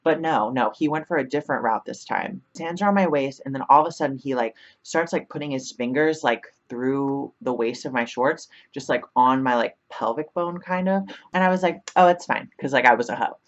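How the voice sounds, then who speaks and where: A woman's voice: extremely low pitch, a little fast, few pauses, muffled recording. A young woman vlogger telling a casual storytime, chatty, filling her talk with 'like' and laughing often.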